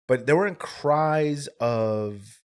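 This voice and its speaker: A man in his twenties, a podcast guest, tells a personal story in a candid, rambling way, swearing freely and peppering his talk with "like" and "right?". His mid-range voice is clear and resonant, and he speaks at a slow pace.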